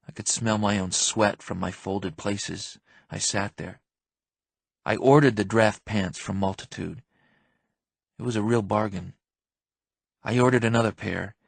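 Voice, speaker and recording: A man narrating an audiobook in the first person, intense and numb in the quiet stretches. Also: fairly low pitch, creaky, no room sound.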